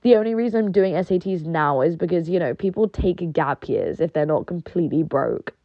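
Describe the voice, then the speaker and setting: A woman's voice: lowish voice, brisk, dry recording. A young woman ranting in a casual monologue, rambling and sarcastic with lots of fillers and swearing. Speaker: online personality. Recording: dull lo-fi dry recording.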